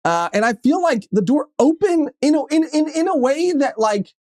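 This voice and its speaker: Animated young man telling a story. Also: very high voice, normal speed, no echo, studio quality. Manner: animated storytelling with lots of fillers and swearing. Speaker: podcast co-host. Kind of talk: casual chat. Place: podcast studio.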